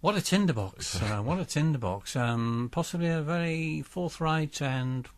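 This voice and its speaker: A man's voice: a little high, expressive, moderate pace. Pompous, hesitant male radio host. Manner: pompous, hesitant, full of ums. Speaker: radio arts show host. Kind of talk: mock-serious spoof interview.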